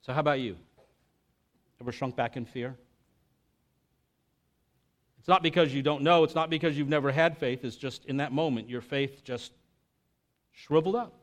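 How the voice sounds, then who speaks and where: A man's voice: mid-range voice, normal speed, long pauses. A man preaching a conversational sermon, telling stories with energy and asking the congregation questions. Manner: animated storytelling, acts out quotes. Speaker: pastor.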